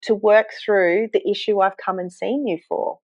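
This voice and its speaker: A woman, a health coach, telling her story to a podcast host in an earnest, animated way, with self-deprecating asides. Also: medium pitch, moderate pace, dry recording. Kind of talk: conversational storytelling. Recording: dull, dry sound.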